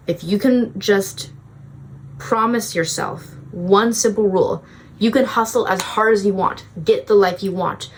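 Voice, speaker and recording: A woman's voice: medium pitch, unhurried, slight background noise. Breezy young woman giving self-care advice. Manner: casual, breezy, peppered with "like". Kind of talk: self-help vlog talk.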